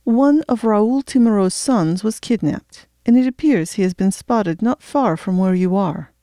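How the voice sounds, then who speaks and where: A woman's voice: mid-range voice, lively intonation, unhurried, mellow, no echo, studio quality. A woman voicing a blunt woman of nearly eighty with a clipped Flemish accent, a former boss who speaks directly. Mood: businesslike.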